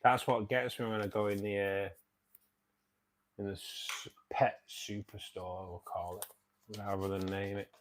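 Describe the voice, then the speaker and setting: A man's voice: on the low side, flat delivery, measured pace, a little hiss or hum. A man in his forties with a Manchester accent, hosting a casual livestream and chatting matily with viewers. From England, outskirts of Manchester. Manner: chatty, matey, reads out and answers viewer comments. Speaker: livestream host.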